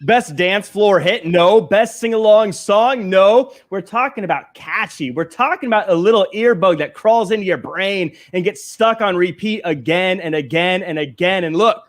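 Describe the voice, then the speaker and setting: A man's voice: high-pitched, normal speed, hardly any pauses. A man on a casual stream panel giving a mock-serious, building speech. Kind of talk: mock wrestling promo.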